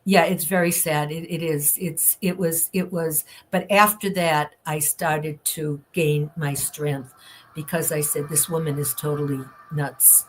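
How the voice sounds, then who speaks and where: A woman's voice: low-pitched, a little slow, a little hiss or hum. An older woman, a guest on an interview show, telling a personal story frankly and acting out the people she quotes. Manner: candid, lively storytelling with acted-out quotes.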